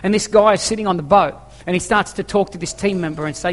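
A high-pitched, fast-talking pastor preaches emphatically to his congregation, returning again and again to key phrases and asking rhetorical questions. The church hall gives his voice a long, echoing reverb.

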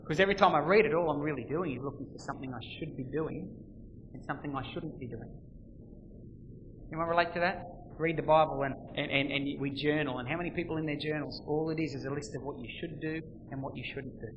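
A man preaching a sermon, swinging between loud emphasis and quiet, intimate lines. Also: fairly high pitch, fast talker, lo-fi sound, slight background noise. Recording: long reverb, faint ambience.

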